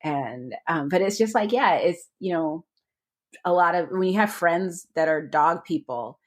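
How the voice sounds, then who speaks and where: A woman's voice: lowish voice, lively intonation, a little slow. A woman co-hosting a podcast in casual chat, talking freely with frequent laughs and restarts. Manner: chatty, laughs often, trailing restarts. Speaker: podcast co-host.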